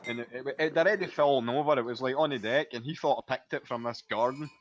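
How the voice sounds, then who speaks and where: A man's voice: medium pitch, fast talker, dull audio. A man co-hosting a casual podcast, telling rambling stories and chuckling at them. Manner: rambling storyteller, chuckles often. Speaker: podcast co-host. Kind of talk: casual chat.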